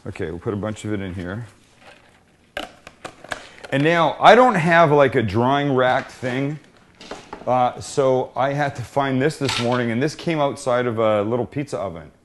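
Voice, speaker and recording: A man's voice: mid-range voice, expressive, moderate pace, background noise. A middle-aged man hosting a casual cooking demonstration in his home kitchen, joking at his own expense while he works. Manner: joking, self-deprecating, talks while working. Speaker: cooking show host.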